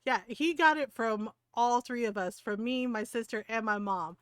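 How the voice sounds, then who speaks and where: A woman's voice: a little high, moderate pace, clear, resonant tone, no room sound, studio quality. A woman in her forties streaming a game and chatting casually, telling stories with lots of swearing and a constant "right?". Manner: profane, animated, keeps asking "right?". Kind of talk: casual storytelling chat.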